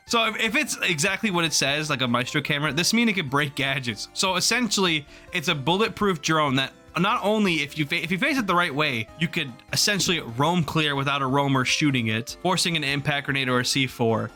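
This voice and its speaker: Bright-voiced excitable young-sounding man. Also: a little high. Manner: laughs often, swears, excitable and incredulous. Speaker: gaming video creator. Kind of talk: casual reaction commentary.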